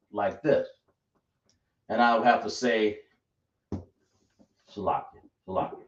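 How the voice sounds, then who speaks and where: A man teaching a class live, explaining slowly and repeating himself as he checks that everyone follows. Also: on the low side, darkish tone. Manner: slow, repetitive explaining, checking the class often. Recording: echoey room, dull lo-fi sound.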